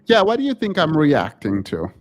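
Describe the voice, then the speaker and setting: A man hosting a casual live call-in stream, animated and laughing, often breaking off mid-sentence. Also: fairly high pitch, moderate pace. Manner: animated, laughing, self-interrupting.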